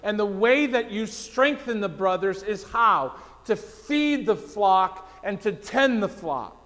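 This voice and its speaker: A man preaching a sermon, telling a story and going quiet for the solemn parts. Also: sits high, lively intonation, takes it slowly. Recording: long hall reverb.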